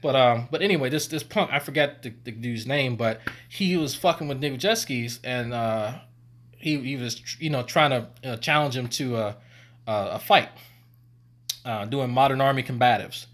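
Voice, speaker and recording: In a casual stream, a man who once served as an army medic shares rambling, profane stories punctuated by laughter. He talks at a moderate pace in a medium-pitched, slightly bright voice.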